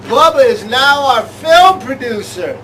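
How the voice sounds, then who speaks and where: A man's voice: very high-pitched, expressive, unhurried, bright, forceful tone, recorded from a distance, a little hiss or hum, low-quality recording. A man co-hosting a comic sports show, jokey and rambling. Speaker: co-host.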